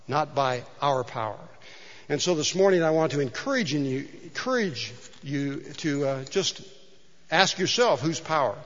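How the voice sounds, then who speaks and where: Male pastor, high voice, chatty sermon delivery with rhetorical questions, muffled recording in a long-reverb sanctuary. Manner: conversational, asides and rhetorical questions. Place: church sanctuary. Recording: dull sound with long hall reverb.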